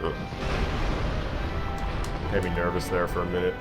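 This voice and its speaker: A young man chatting through a live game stream, quick to get frustrated and poking fun at himself. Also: sits low, completely flat delivery, over loud music. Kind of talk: casual live-stream commentary.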